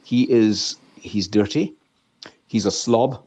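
A man's voice: on the low side, takes it slowly, warm tone, breathy edge, dry recording. A man who is an investment analyst, speaking as a guest in a casual interview, blunt and emphatic, often repeating words. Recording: dull lo-fi, dry sound.

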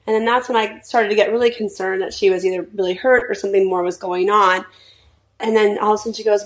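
A woman from Arizona, a mother, giving a steady personal account in an interview. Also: mid-range voice, fast talker, low-quality recording.

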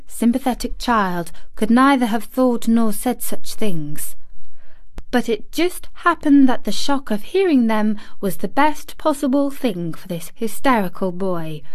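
A woman narrating a classic novel as an audiobook, with a measured, expressive reading. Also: on the high side, dry recording, studio quality. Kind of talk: storybook narration.

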